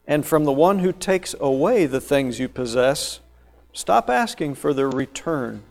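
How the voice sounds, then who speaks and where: A man preaching a sermon, explaining scripture verse by verse and swinging between loud emphatic phrases and quieter asides. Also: lively intonation, a little slow, vocal fry. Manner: emphatic, rising to loud stressed phrases then dropping low.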